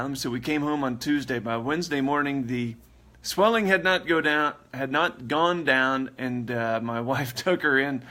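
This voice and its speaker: A man's voice: on the high side, a bit bright. A man hosting a casual livestream, chatting in a rambling way and laughing often. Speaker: livestream host.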